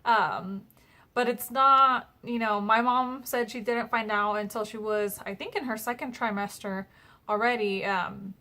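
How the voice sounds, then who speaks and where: Chatty young woman, fairly high voice. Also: fairly even intonation, unhurried, bright, forceful tone. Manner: chatty, retells conversations with many fillers. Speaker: vlogger. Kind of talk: casual personal vlog.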